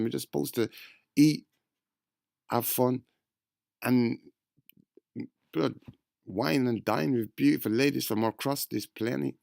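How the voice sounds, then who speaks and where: A man's voice: mid-range voice, gravelly, a little mellow, dry recording, studio quality. A man giving rambling, slangy commentary on an interview clip, calling his listeners bro and family. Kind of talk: casual reaction commentary.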